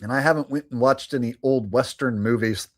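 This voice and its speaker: A man's voice: medium pitch, a little fast. A man hosting a livestream, chatting casually with viewers in a rambling way, laughing and swearing now and then. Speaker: livestream host.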